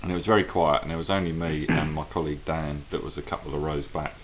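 A man with a very deep voice swaps jokey anecdotes on a podcast, laughing along at his own stories. A light hiss runs beneath him. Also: flat delivery, fast. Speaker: podcast co-host. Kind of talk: casual chat. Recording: hissy mic noise.

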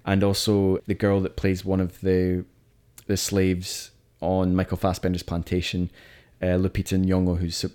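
Reviewing films on a podcast he co-hosts, this man talks casually and voices strong opinions, often starting his sentences over. He has a low-sitting voice, a little mellow and clean in tone, delivered completely flat at a moderate pace.

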